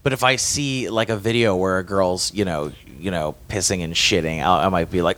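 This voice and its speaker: A man's voice: low-pitched, brisk, a bit bright. A man, a comedian guest, speaking candidly in an interview, often stammering and chuckling.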